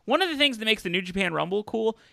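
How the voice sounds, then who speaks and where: Host type: bright, crisp male voice with gravelly fry, casual wrestling chat, dry close mic. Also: high-pitched, animated, fast talker, no echo. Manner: chatty, with many fillers and restarts. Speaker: podcast host.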